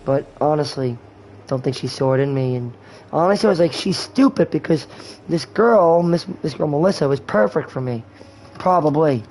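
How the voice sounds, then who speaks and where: A man's voice: on the high side, moderate pace, darkish tone, slight background noise, low-quality recording. A man in his twenties talking in a rambling, candid way and swearing often, while hosting a gaming livestream. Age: 20s. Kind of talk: rambling casual chat.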